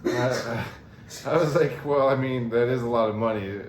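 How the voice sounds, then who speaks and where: A man's voice: mid-range voice, moderate pace, reverberant, slight background noise. A man co-hosting a podcast in casual chat, laid-back and swearing, laughing along with his friend. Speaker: podcast co-host.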